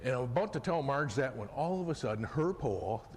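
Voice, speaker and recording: Animated folksy male storyteller in a hall. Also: medium pitch, a little fast, a little hiss or hum. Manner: animated, folksy, swings from hushed to loud excitement. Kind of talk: live storytelling performance. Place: festival stage in a hall. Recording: live hall recording with long reverb, faint ambience.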